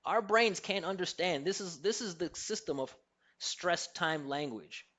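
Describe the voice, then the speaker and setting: A man's voice: high voice, expressive, a little slow, fairly bright tone. A man with an American accent, an accent coach answering interview questions in an emphatic, teacherly way and demonstrating pronunciations.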